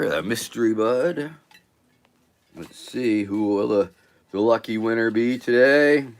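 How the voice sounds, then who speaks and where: A lower-voiced man hosts a loose, jokey chat show, his pitch swinging up and down a lot as he rambles. He talks slowly, with a bright, forward edge to his voice. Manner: rambling, jokey, self-promoting. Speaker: host. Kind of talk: casual livestream chat.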